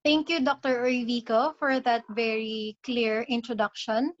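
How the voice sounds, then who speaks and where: A woman doctor giving a medical lecture in a measured, instructive way. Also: on the high side, steady tone, dry recording. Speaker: palliative care consultant lecturing. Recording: dull, dry lo-fi audio.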